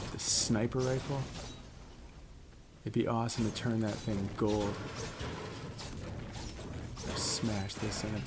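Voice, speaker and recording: A middle-aged man from Connecticut giving chatty, rambling, laid-back commentary while playing a video game. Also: lowish voice. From Connecticut, USA. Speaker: gaming YouTuber. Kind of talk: casual gameplay commentary. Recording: clear background noise.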